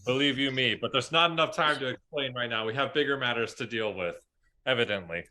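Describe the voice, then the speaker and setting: Bright-voiced man playing a tabletop game. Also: medium pitch, brisk. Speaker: player. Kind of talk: casual tabletop play.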